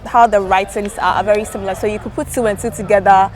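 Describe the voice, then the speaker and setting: A woman's voice: mid-range voice, steady tone, fast, a little mellow, soft background music. A young woman with a Ghanaian English accent, chatting casually and self-mockingly as an interview guest, recorded outdoors by a road.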